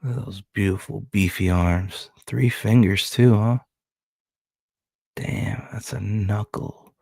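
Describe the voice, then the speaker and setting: A man's voice: fairly low pitch, slow pace, gravelly, darkish tone, husky, dry recording. A man streaming as he reads through a comic book, with laid-back commentary and casual swearing. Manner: laid-back, swears freely, chuckles at credits.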